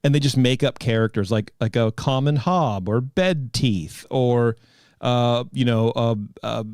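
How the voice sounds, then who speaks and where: A man's voice: mid-range voice, fairly even intonation, a little slow, a little mellow, no room sound. A man in his thirties hosting a podcast, telling a rambling story in casual chat. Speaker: podcast host.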